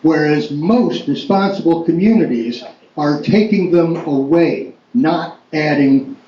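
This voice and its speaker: Slow mellow guy complaining to the board, roomy muffled sound. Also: fairly high pitch. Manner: indignant, unhurried. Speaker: public commenter. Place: town board meeting room. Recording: echoey meeting room, dull lo-fi audio, faint noise.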